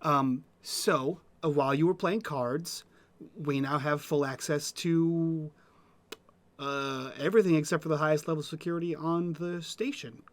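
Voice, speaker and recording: A woman at a tabletop game table speaking in a low, matter-of-fact voice. The recording is dry and close. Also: steady tone, measured pace, no echo. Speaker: player.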